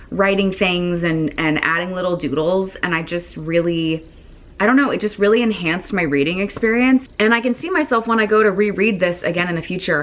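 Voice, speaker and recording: A woman book vlogger chatting casually, excited and gushing, with lots of "like" fillers. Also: fairly low pitch. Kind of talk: casual reading vlog chat.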